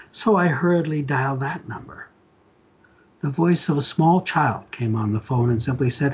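Older man reading his stories, husky. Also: mid-range voice, normal speed, muffled recording. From Ontario, Canada. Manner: animated storyteller, acts out dialogue. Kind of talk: reading aloud, storytelling.

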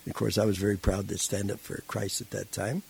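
A man being interviewed who tells his life story in a casual, animated way and acts out the voices in it. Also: on the low side, a little fast, gravelly, slightly rough, low-quality recording. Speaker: interview guest.

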